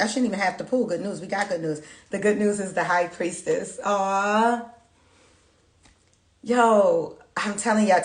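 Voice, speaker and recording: A woman's voice: fairly low pitch, reverberant. A woman giving a casual tarot reading to her viewers, chatty and urgent, repeating herself for emphasis. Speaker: tarot reader.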